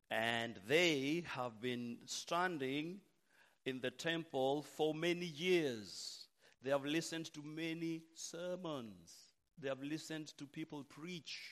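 Slow, emphatic male preacher. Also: medium pitch. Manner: slow, emphatic, swings from hushed to loud. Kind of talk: sermon.

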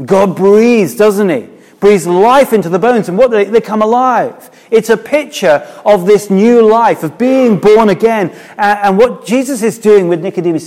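This middle-aged preacher has a high, slightly mellow voice. He delivers his sermon conversationally, frequently posing rhetorical questions to his listeners.

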